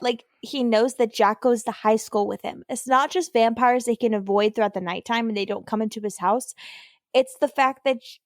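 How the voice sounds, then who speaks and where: A young woman, co-hosting a podcast in casual chat, animated and acting out quoted lines. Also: on the high side, no echo, clean studio sound. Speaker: podcast co-host.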